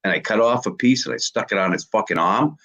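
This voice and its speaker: A man calling into a livestream, swearing constantly and telling animated stories between laughs. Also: fairly low pitch, fast. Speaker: guest caller. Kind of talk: casual profane chat. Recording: dull lo-fi call audio.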